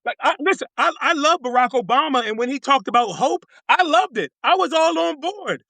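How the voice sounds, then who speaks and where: Man, congressional candidate, passionate, repeats himself, bright tense tone. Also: very high voice, expressive, a little fast, vocal fry, no room sound. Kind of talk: fired-up casual talk.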